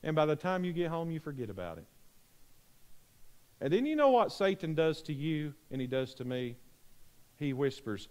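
A man's voice: medium pitch, lively intonation, normal speed, darkish tone. A man preaching an earnest, pleading sermon invitation in a church, repeating his phrases. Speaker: pastor. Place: church sanctuary.

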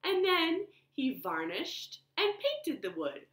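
A woman librarian telling a children's story at home in an expressive, animated way. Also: high-pitched, slow. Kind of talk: storytime read-aloud. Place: living room. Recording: roomy living room echo.

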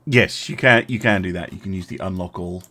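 A young man casually commenting as he streams a strategy game, thinking aloud, chatting with his viewers and filling pauses with many ums and uhs. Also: deep voice, sharp tone.

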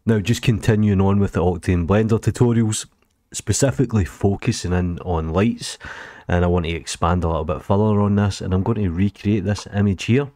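Scottish guy with a really low voice walking you through a 3d tutorial, dry close mic, chatty. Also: fairly quick, warm tone, no room sound. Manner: casual, chatty explaining with fillers. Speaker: 3D tutorial host. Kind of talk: screen-recorded software tutorial.

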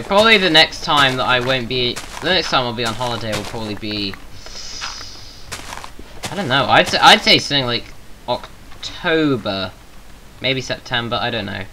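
Over a noisy background, a man with a medium-pitched voice and a Southern English accent chats through gameplay, joking at his own expense as he rambles. He's an English gaming YouTuber.

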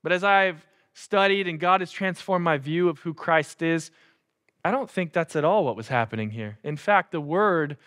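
A man's voice: fairly high pitch, fairly bright tone. A man preaching a sermon in a casual, conversational way, acting out the quotes. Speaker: pastor. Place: church.

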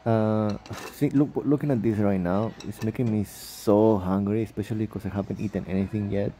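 A man's voice: on the low side, fairly even intonation, moderate pace, warm tone, slight background noise. A sleepy young man rambling through a casual travel vlog voice-over, laughing and correcting himself often. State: sleepy, just woke up. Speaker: vlogger.

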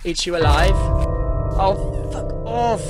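A man's voice: high voice, slow, over loud music. A young man giving horror game commentary who shrieks and swears when startled and mutters to himself between scares, into a headset mic. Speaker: gamer.

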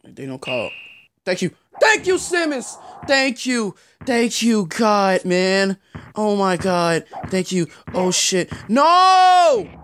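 A young man reacting out loud to a basketball video game, frustrated, swearing and yelling as he plays. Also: high-pitched, takes it slowly, slight background noise. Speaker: gaming YouTuber. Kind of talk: live gameplay commentary.

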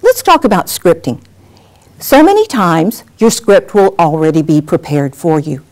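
A middle-aged woman teaching a workshop on presenting on camera, animated and acting out examples as she talks. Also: on the low side, a little slow. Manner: lively, animated, acts out examples. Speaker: on-camera skills coach. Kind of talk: workshop lesson.

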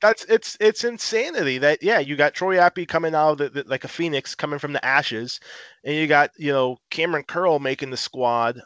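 A man's voice: on the high side, normal speed, fairly bright tone, clear, resonant tone, no echo. Ranting profane male football fan. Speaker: podcast co-host. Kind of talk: casual sports podcast chat.

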